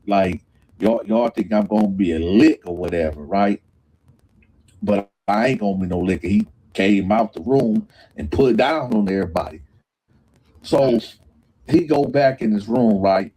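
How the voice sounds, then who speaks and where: A man recounts a jail story in slangy, profane street talk. His voice is husky and dark, with a mellow tone. He jumps into other people's voices as he tells it. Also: on the low side, poor audio. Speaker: former inmate telling a jail story. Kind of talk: animated storytelling with acted-out quotes.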